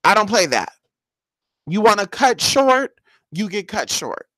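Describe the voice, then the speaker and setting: A woman's voice: medium pitch, sing-song, measured pace, a bit bright, no echo. A woman who does paid spiritual casework, chatting bluntly and sassily with viewers on a live stream and calling them honey.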